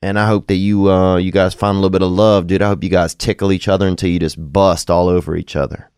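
A man hosts a casual call-in podcast, loose and rambling with crude jokes, then turns to sincere, earnest advice for callers. His low voice is level, darkish and smooth, and he talks quickly. The recording is dry and clean, studio quality.

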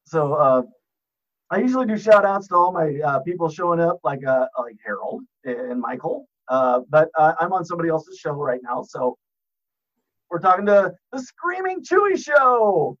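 A man guesting on a podcast, joking and self-mocking, with a deep announcer-style voice. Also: moderate pace, lo-fi sound. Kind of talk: casual podcast chat.

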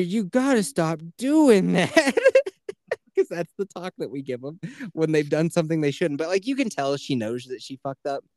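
A man in his thirties gets swept up in his own stories on a casual podcast, swearing freely and laughing often. His pitch swings up and down as he talks. The sound is close and dry, with no room around it. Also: warm tone, dry recording. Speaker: podcast co-host, stay-at-home father.

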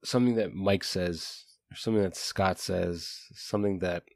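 A man's voice: deep voice, fairly even intonation, moderate pace, creaky, a little mellow, dry recording. A man co-hosting a casual book discussion, rambling with many fillers and restarts. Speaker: podcast co-host.

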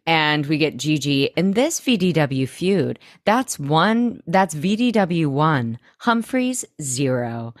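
A woman co-hosting a podcast, recapping a TV episode in casual chat, swearing freely and making quick asides. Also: sits low, very animated, dry recording, studio quality. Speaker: podcast co-host.

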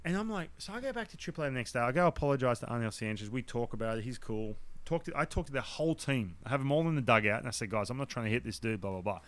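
Animated Australian man telling a story. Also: mid-range voice, rapid-fire, few pauses. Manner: animated, acts out the dialogue of others; blunt, swears now and then. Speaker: podcast guest, former baseball pitcher. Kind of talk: casual storytelling.

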